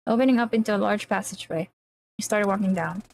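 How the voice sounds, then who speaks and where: A woman streamer reads a visual novel aloud on a livestream, at a middling pitch with a faint hiss behind her. She keeps breaking off into jittery chatter with her chat, nervous and easily spooked. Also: fast, a little mellow.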